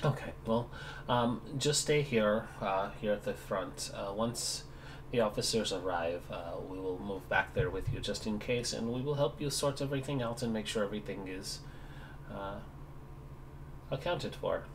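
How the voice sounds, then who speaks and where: Guy doing a formal lady cop in a tabletop game, polite and earnest, lowish voice. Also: moderate pace, background noise, close to an everyday voice. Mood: courteous. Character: earnest female elf peace officer.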